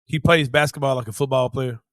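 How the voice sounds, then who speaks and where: A man co-hosting a sports podcast in casual chat, slangy and quick to laugh. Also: mid-range voice, steady tone, fairly bright tone, no room sound, clean studio sound. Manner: slangy, laughs often, says bro. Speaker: podcast co-host.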